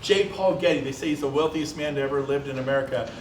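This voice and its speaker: A man giving a live business presentation, energetic and quizzing the audience with quick questions. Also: medium pitch. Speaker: seminar presenter. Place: large event hall. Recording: echoey hall from far off, faint noise.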